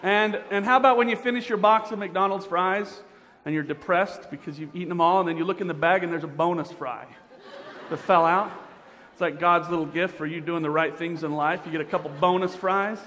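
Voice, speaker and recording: A man's voice: high voice, steady tone, brisk, fairly bright tone. Joking male emcee in a big hall. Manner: joking, playful, quizzes the audience. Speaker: pageant emcee. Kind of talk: crowd warm-up banter. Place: large indoor auditorium. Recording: reverberant hall with crowd noise.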